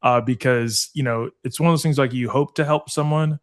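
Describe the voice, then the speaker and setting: A man's voice: mid-range voice, fairly even intonation, brisk. A man speaking as a podcast guest in casual conversation, earnest and heartfelt, with lots of "like" and "uh". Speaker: guest, veterans foundation founder.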